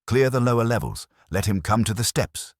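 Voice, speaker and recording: A man voicing an arrogant, menacing superhero who speaks in a low, contemptuous purr. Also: animated, normal speed, no echo, studio quality, natural voice. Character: arrogant, menacing male superhero who thinks he's a god.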